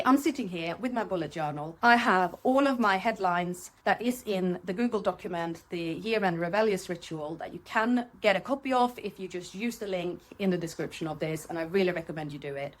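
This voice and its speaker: A middle-aged woman talks straight into the mic for her own podcast. She is frank and lively and lets her voice leap up high when she acts out what she was thinking. Her pitch sits in an ordinary middle range. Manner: candid and animated, voice jumps high when acting out her own thoughts. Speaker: podcast host. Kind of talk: reflective solo podcast talk. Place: seated at home.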